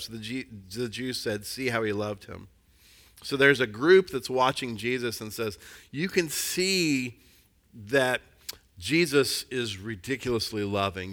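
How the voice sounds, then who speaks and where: A man giving an earnest, conversational sermon, reading scripture aloud and explaining it to his listeners. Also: medium pitch. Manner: earnest and conversational, drops softer on emphasis and acts out quoted voices. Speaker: preacher.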